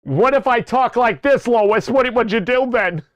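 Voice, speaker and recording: A man's voice: very high-pitched, unhurried, no room sound, dull audio, pitched above the performer's own voice. Peter, a goofy cartoon dad, as a man impersonates him.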